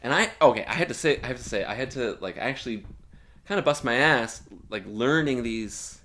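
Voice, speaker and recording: A man's voice: medium pitch, expressive, fairly quick, sharp tone. A young man telling a long, profane anecdote in a casual chat, full of fillers and asides. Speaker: guest musician.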